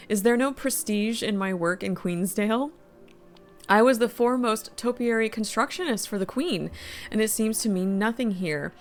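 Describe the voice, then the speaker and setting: A haughty, self-important royal gardener, voiced by a woman reading his letter in a stiff, formal tone. The voice sits at a plain middle pitch. It sounds like a game letter being read aloud. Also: lightly acted.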